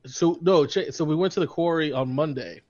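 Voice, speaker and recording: A man with a fairly high voice rambles through a story on a casual podcast, laughing often and tripping over his own restarts. The sound is dull and lo-fi, a little muffled. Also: fairly quick, a little mellow. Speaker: podcast co-host. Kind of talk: casual chat.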